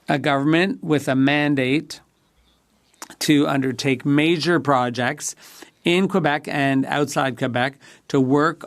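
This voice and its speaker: A man's voice sits a little high for a male speaker, smooth and resonant, as he interprets a parliamentary debate. His delivery is measured and formal throughout.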